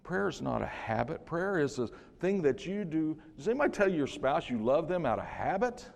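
An older man preaching a sermon as pastor in a church, swinging from hushed to loud with joking asides. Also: on the high side, very animated, normal speed, vocal fry. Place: church sanctuary. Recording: long reverb of a church hall.

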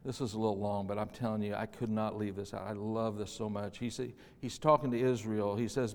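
Man giving a sermon, goes soft then loud and punchy, long echo like a big church. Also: fairly low pitch, steady tone, a little fast, gravelly, few pauses, slight background noise. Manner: swings from hushed and tender to loud and emphatic. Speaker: preacher. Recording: long hall reverb.

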